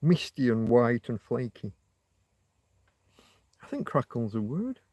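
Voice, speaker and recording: A man's voice: medium pitch, big pitch swings, slow, warm tone, slightly rough, no echo. Rambling, wry man on a livestream. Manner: rambling, wry, self-mocking, hesitant restarts. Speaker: livestream host. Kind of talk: rambling live chat with viewers. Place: outdoors in a field. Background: passing motorbike.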